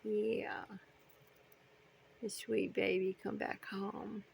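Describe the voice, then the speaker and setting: A middle-aged woman talks to her pet birds at an unhurried pace in cooing baby talk, often dropping into soft whispered asides. Her voice has a gravelly edge. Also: medium pitch, little pitch movement, a little hiss or hum. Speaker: bird owner.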